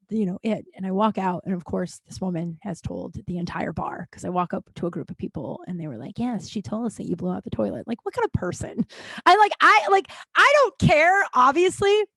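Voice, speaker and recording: A woman's voice: medium pitch, dry recording. A woman hosting her own podcast, telling a long, rambling story in a casual, profane, self-deprecating way. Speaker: podcast host.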